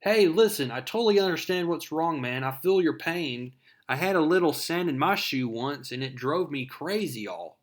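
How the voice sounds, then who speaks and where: A man's voice: a little high, expressive, moderate pace, voice pushed up, natural voice. A man voicing a wisecracking young male superhero who teases his foe in a joking, mock-sympathetic way. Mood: teasing.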